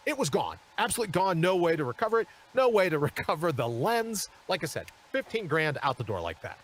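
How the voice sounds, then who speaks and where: A man hosting a live show from a studio, telling a story with lots of animation and acting out each character. His voice sits a little high for a man, and it rises and falls constantly as he talks. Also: fast, hardly any pauses. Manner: animated, acts out the people in his stories. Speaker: talk show host.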